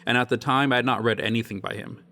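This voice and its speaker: Chatty man with a gravelly voice. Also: medium pitch, fast talker, pushed and bright. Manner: chatty, laughs often, many restarts. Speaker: podcast host. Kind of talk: casual book-club podcast chat.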